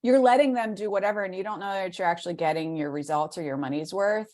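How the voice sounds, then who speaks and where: A woman's voice: mid-range voice, quick pace, a little mellow. A woman co-hosting a podcast in casual chat, rambling with many fillers and restarts. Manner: rambling, filler-heavy, self-interrupting. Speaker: podcast co-host.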